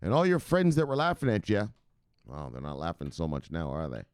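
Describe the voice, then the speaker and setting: Deep voiced guy ranting about crypto from home, swears a lot, voice jumps all over, dry close mic. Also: huge pitch swings, brisk, clean tone, no room sound. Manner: profane, shouts "bang" at viewers' names, laughs often. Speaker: crypto news host. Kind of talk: casual livestream rant.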